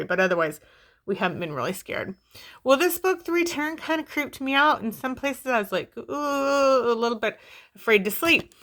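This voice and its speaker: A woman talks through a book she loved in a casual, chatty review. Her voice is bright and forward, and her pitch sits in a middle range. She rambles, restarts her sentences and fills gaps with "um," while retelling the story playfully.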